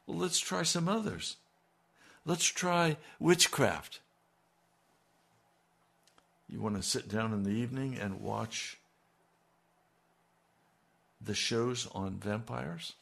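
A man's voice: lowish voice, expressive, unhurried, vocal fry, pauses often, a bit bright. A man preaching a sermon, asking his listeners pointed rhetorical questions and building to emphatic peaks.

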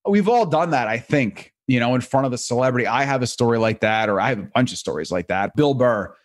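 A man's voice: medium pitch, lively intonation. A man hosting a podcast, telling stories in a chatty, rambling way. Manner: chatty, rambling, with quick voice impressions. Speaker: podcast host. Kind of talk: casual storytelling.

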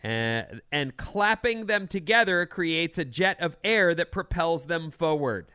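A man's voice: on the high side, animated, a little slow, bright, forceful tone, clean tone. A man hosting a radio show, chatting casually and reading quirky news items with an opinionated, teasing manner.

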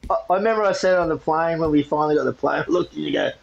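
Gravelly Australian man telling a story. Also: a little high, racing, highs cut off, noisy background. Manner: animated, swearing storyteller. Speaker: co-host. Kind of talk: casual chat.

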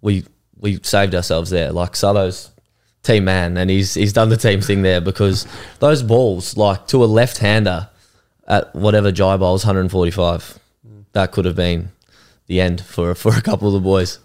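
Flat-voiced young man, smooth. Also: low voice, normal speed. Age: young adult. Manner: flat, monotone delivery. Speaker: guest cricketer. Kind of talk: casual chat.

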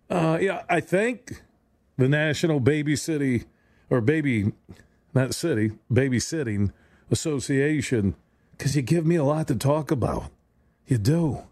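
Male sports radio host, slightly high-pitched, dry close studio mic, sarcastic rambling solo talk. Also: lively intonation, takes it slowly, long pauses, darkish tone, no room sound. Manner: rambling, sarcastic, stumbling restarts. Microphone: studio microphone.

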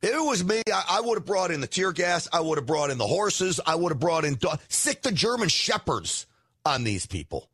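A man's voice: on the high side, very animated, brisk, breathy edge, no echo. A middle-aged man hosting a political show, delivering an emphatic, indignant opinion monologue. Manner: emphatic, indignant, rising to near shouts.

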